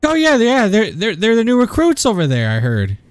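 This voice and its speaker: A game master voicing Prolix, an eager, chatty male guide, in an excitable, gossipy manner. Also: sits high, brisk, no room sound, clean studio sound, soft background music, voice pushed up. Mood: eager gossip.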